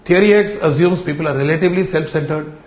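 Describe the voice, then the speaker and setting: A man's voice: on the high side, fast talker, roomy sound. A man gives a classroom lecture, repeating words and telling students to underline key terms.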